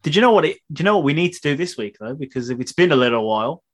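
A man's voice: a little high, lively intonation, racing. Playful Brummie podcast co-host man. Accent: Birmingham. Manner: playful, sleepy, theatrical intros. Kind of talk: casual chat.

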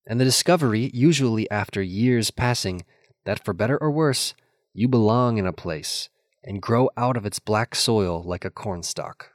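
Low, reflective older man reading. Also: dry recording, clean studio sound. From Minnesota, USA. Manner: measured, reflective, wry. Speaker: reader of a personal essay. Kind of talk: reading a memoir essay aloud.

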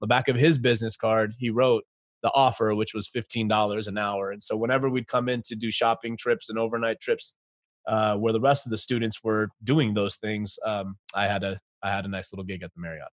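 A man in his forties, a guest entrepreneur telling his story in a casual interview, animated, laughing often, with many fillers. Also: fairly low pitch, brisk, dry recording, studio quality.

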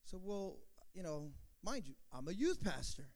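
A man who was once a youth pastor, telling a testimony story in an animated way, acting out the dialogue with playful asides. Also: high voice, moderate pace.

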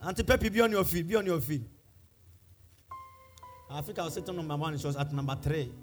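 A man preaching a sermon as a pastor, building to shouted declarations and repeating his phrases. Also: fairly high pitch, fast. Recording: music playing behind the voice.

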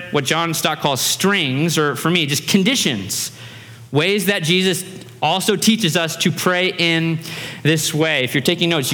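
Lively bright-voiced male pastor preaching. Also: a little high. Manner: animated, conversational, acts out voices in anecdotes. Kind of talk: sermon. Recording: reverberant hall.

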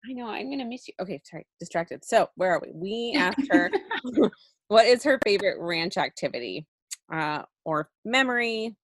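A woman's voice: mid-range voice, lively intonation, moderate pace. A young woman co-hosting a podcast, bantering playfully and giggling often. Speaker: podcast co-host. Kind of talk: casual chat.

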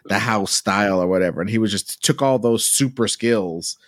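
A man co-hosting a podcast in a relaxed, slangy way, chatting about comic art and drawing some words out. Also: lowish voice, moderate pace, dry recording, clean studio sound. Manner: laid-back, slangy, drawls some words. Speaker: podcast co-host.

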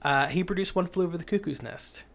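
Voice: mid-range voice, fast, gravelly. A podcast host rambling through an actor's career in casual chat, enthusiastic and swearing freely.

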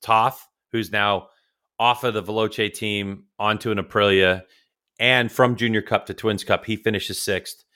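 A man's voice: on the low side, fairly even intonation, unhurried, pushed and bright. A man co-hosting a racing podcast over a remote call, telling long, teasing stories in casual chat. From California. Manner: rambling storyteller, teasing. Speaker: podcast co-host.

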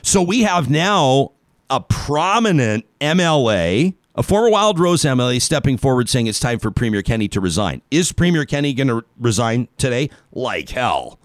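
A man's voice: mid-range voice, very animated, no room sound, clean studio sound. A man from Canada hosting a radio talk show, delivering a sarcastic political commentary monologue that leans hard on key words. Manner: emphatic, sarcastic, dramatic pauses on key words.

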